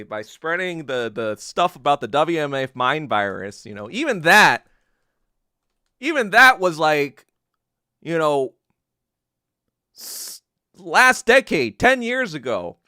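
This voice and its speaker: A man on a podcast ranting in a loose, profane way, chuckling between phrases. His voice sits a little high and swings widely in pitch, with a bright edge, and the sound is close and dry. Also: dry recording. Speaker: podcast host. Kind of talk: casual solo rant.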